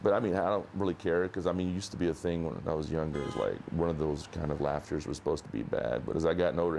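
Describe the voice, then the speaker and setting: A man's voice: a bass voice, fast, gravelly, few pauses, darkish tone, a little hiss or hum. A young man from South Arkansas, talking in a laid-back, rambling, self-mocking way in a documentary interview. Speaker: interviewee, costumed sign waver.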